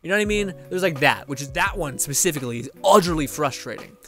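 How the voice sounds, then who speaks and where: A man's voice: on the high side, animated, fast, sharp tone. A man and streamer in a casual monologue, rambling and swearing as he gets heated, often mimicking other people's lines. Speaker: streamer talking to viewers. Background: faint background music.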